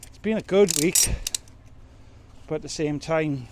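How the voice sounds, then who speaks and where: Out in a rainy loading yard, a man who vlogs as a truck driver talks while loading his truck, wandering from topic to topic and cracking jokes at his own expense. His voice sits on the high side and moves at a measured pace. Background noise is audible.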